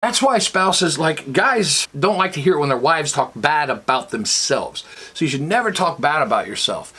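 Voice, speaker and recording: A man's voice: on the high side, big pitch swings, moderate pace, sharp tone, in a large hall. A man preaching a humorous sermon as pastor, telling stories and joking. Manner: storytelling, jokey, acts out voices of others. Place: church sanctuary.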